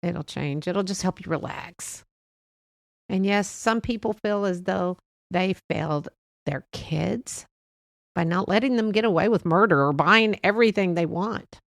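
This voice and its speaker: A middle-aged woman hosting a faith-based motivational talk, speaking in a gentle, reassuring and chatty way with soft laughs. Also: fairly low pitch, a little slow, gravelly, dry recording, studio quality. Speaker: podcast host.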